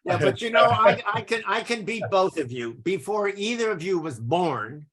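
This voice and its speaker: A man's voice: high-pitched, big pitch swings, moderate pace, fairly bright tone. An older man from East Los Angeles hosting a live-streamed interview, chatty, opinionated and teasing his guests. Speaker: host.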